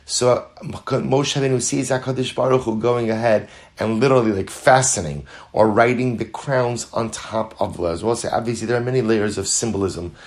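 An earnest man teaching a Talmud class, with a voice of middle pitch. He weaves Hebrew and Yiddish terms into his explanations. He drives his points home by repeating phrases, sometimes rising into lively, louder passages. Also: fairly quick. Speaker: Torah teacher.

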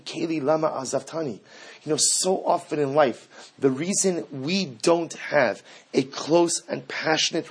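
Speaking as a rabbi, a man delivers a passionate sermon that starts in quiet reflection and rises to fervent pleading that's nearly shouted. His voice is medium in pitch and slightly rough.

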